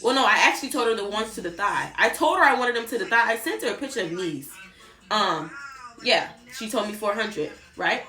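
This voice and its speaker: A young woman telling a storytime on her vlog in a chatty, animated way, swearing and talking straight to her viewers. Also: medium pitch, brisk. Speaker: vlogger. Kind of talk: casual storytime chat. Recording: roomy echo, faint background music.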